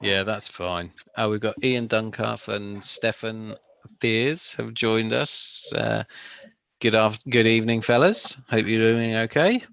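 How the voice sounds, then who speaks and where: A man's voice: on the low side, steady tone, slow, gravelly, a bit bright, clear, resonant tone, dry recording, highs cut off. A man hosting a live build-along stream, chatty and greeting viewers as they join. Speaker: stream host and co-presenter. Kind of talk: casual live-stream chat.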